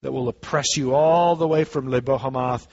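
A man's voice: medium pitch, fairly even intonation, normal speed, muffled recording. A man preaching a sermon, reading scripture aloud and then explaining it in casual everyday words. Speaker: pastor.

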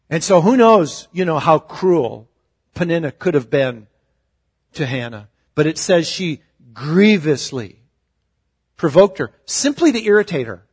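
A male pastor giving a conversational, humorous sermon, with sudden shifts between loud and soft. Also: a little high, slightly rough.

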